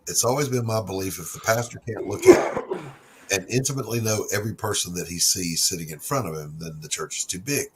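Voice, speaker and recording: A man's voice: fairly low pitch, fast talker, noisy background. A middle-aged man hosting a casual stream chat, telling stories loosely and swearing freely. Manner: laid-back storyteller, swearing freely. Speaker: stream host.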